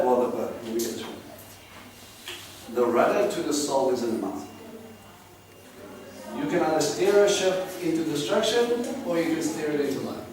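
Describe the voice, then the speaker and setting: A man giving an earnest, animated bible teaching to a congregation and asking them questions. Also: on the high side. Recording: echoey room from a distant mic, noisy.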